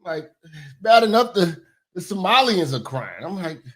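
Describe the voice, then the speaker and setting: Animated man, profane commentary host. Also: unhurried. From Chicago. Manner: swings between loud shouting and low muttering; profane, slangy street talk. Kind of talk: casual commentary livestream.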